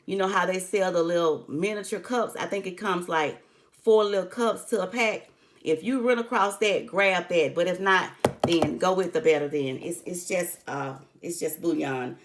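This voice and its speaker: An older woman teaching a recipe in a chatty way, often calling her viewers honey. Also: on the low side. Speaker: home cook. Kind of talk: cooking tutorial.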